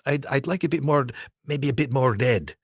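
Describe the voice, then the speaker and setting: A man's voice: medium pitch, moderate pace, husky, no echo, clean studio sound, pitched above the performer's own voice, close to an everyday voice. A man voicing a fussy Scottish woman casting director who gives breezy, vague directions with a Scottish accent.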